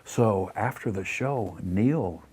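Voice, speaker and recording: Brief: low, husky male guest, animated storyteller, blunt and profane. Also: slow pace. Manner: animated storyteller acting out quotes, many fillers. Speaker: interview guest. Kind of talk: casual storytelling.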